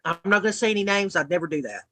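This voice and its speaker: A woman's voice: medium pitch, animated, rapid-fire, pushed and bright, no echo. A woman co-hosting a casual livestream roundtable, blunt and profane, ranting and joking. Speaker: livestream co-host.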